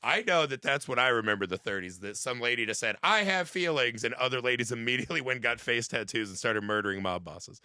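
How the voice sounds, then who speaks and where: A man in his thirties talks fast with few pauses, his medium-pitched voice clear and resonant, recorded cleanly in a studio with no room sound. As a podcast co-host in a casual movie review chat, he argues emphatically and animatedly, repeatedly asking "right?".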